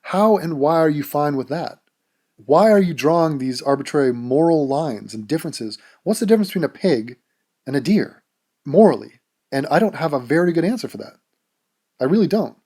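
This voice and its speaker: A man's voice: fairly high pitch, lively intonation, moderate pace, warm tone. A man hosting a casual vlog, answering viewer questions bluntly, with plenty of swearing and jokes. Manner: blunt, profane and joking. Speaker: YouTube channel host answering viewer questions.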